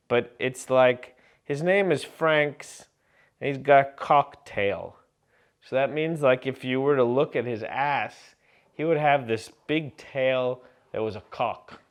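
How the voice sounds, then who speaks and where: A man vlogging to camera in a rambling, absurd comic monologue full of fillers and deadpan jokes. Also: medium pitch, slow.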